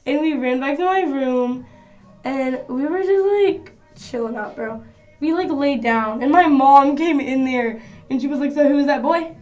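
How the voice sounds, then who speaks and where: Young woman vlogger, high-pitched, casual slangy storyteller, phone mic, soft music behind. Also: unhurried. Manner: chatty, slangy, rambling. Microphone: phone camera.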